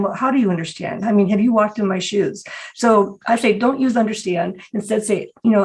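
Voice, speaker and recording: A woman's voice: mid-range voice, brisk, low-quality recording. A woman hosting a podcast interview, talking in a reflective, conversational way with many filler phrases. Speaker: podcast host and conflict coach.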